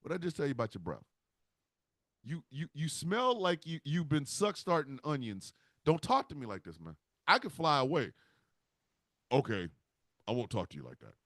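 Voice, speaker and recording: A put-upon cartoonish crow, as a man acts him out, whines and squabbles in street slang. The voice jumps around a lot with a sharp edge. It is recorded dry and close. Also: on the high side, sing-song, moderate pace, long pauses, dry recording, pitched below the performer's own voice. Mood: bickering. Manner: whiny, bickering, streetwise slang. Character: hapless male crow made harbinger of death.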